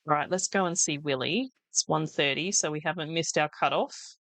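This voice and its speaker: A woman's voice: deep voice, moderate pace, a bit bright, no room sound. A woman hosting a farming game let's play, with chatty, wry asides and laughing at herself. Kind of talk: casual gameplay commentary.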